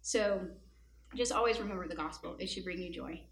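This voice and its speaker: At a Christian event, a woman gives an earnest devotional talk, telling personal stories in an animated way with casual asides. Her voice is fairly low, gravelly, and a little fast, with a slight hiss or hum, recorded in an echoey room with faint ambience.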